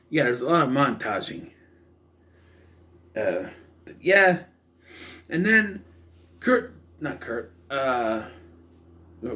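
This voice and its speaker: A man's voice: mid-range voice, a bit bright. A young man casually reviewing a film, rambling and sarcastic, with incredulous asides. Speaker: movie reviewer.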